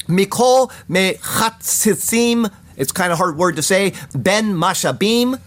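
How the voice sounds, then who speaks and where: Lively-voiced man preaching a sermon. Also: fairly high pitch. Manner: explanatory, reads Hebrew aloud slowly. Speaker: pastor. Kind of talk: verse-by-verse sermon.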